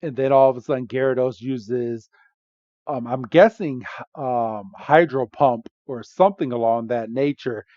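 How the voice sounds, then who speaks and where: A man hosting a podcast, retelling a movie scene by scene in a casual, animated way with frequent fillers. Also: medium pitch, unhurried, no echo, lo-fi sound. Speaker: podcast host. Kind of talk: casual movie recap chat.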